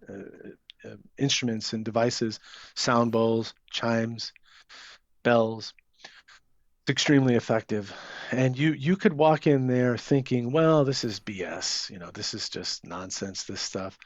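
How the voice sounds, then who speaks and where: A man, an author being interviewed, talks casually and hesitantly, using many fillers and restarts. His medium-pitched voice has a darkish tone, and the recording is dry, dull, and lo-fi.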